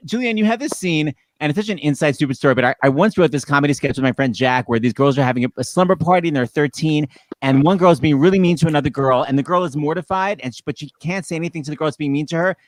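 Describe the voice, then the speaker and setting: A man hosting a talk show over a video call, gushing and quick with his questions. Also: on the high side, no room sound. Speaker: host.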